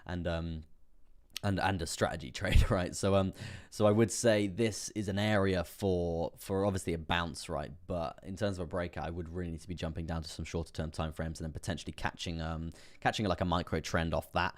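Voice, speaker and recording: Talking a little fast in a very deep voice, a man hosts a relaxed crypto trading live stream. He rambles chattily through the charts, full of fillers and chuckling to himself as he gives casual market commentary.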